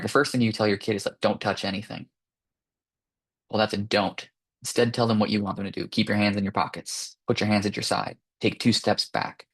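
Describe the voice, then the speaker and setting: A man with a somewhat low voice gives an informal lecture to parents. He talks in a relaxed, conversational way and keeps checking in with tag questions and fillers. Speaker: clinical psychologist presenting to parents.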